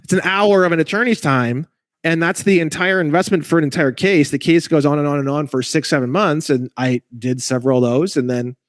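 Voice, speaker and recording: A man's voice: fairly high pitch, brisk, no echo, studio quality. A man ranting in casual conversation over a video call, emphatic, rambling and profane, as a guest legal researcher.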